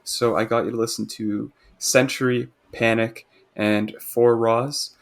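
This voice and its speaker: A man, co-hosting a podcast and excitedly presenting a music artist in casual chat. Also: medium pitch, unhurried, creaky. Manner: enthusiastic, rambling with restarts.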